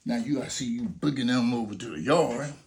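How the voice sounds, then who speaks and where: Speaking briskly at a medium pitch, a grandfather makes a fervent, sermon-style plea for people to go vote, leaning on rhetorical questions and imagined scenarios.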